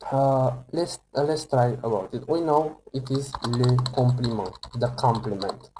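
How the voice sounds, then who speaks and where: A man teaching an online French lesson to English speakers, talking slowly and hesitantly with many fillers and restarts. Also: medium pitch, dark tone, slight background noise, rough recording. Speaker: French tutor.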